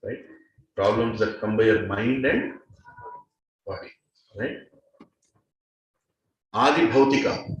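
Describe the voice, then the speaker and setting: A man's voice: on the low side, takes it slowly, long pauses, recorded from a distance, dull audio. Indian man lecturing in an echoey hall. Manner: questions the audience, laughs often. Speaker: spiritual teacher. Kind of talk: lecture to a class.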